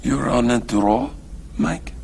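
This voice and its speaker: Teddy KGB, a gravelly Russian poker boss. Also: male voice, mid-range voice, fairly even intonation, noisy background. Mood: taunting. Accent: exaggerated Russian. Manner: slow, gravelly taunting. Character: menacing older Russian underground poker boss.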